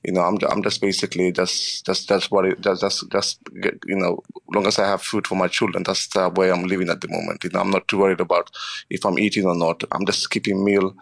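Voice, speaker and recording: Low gravelly halting working father. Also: little pitch movement, a bit bright. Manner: halting, repeats words, many "you know" fillers. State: emotional, strained. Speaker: interviewee, working parent. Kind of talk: emotional radio interview.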